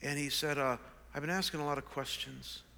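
A man in his sixties, a pastor, telling an animated, self-deprecating story in a sermon. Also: fairly high pitch, a little fast, gravelly. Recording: long reverb of a large hall.

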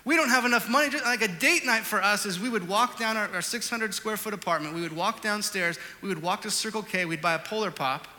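A male pastor preaching a sermon, telling a personal story with animated swings between loud outbursts and hushed reflection. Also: high-pitched, a little fast, few pauses, big-room sound.

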